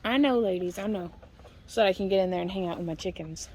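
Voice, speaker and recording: A woman's voice: medium pitch, fast, mellow. A woman from Missouri, casually talking through a walk around her backyard homestead garden, chatty and folksy, laughing often. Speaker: homestead vlogger.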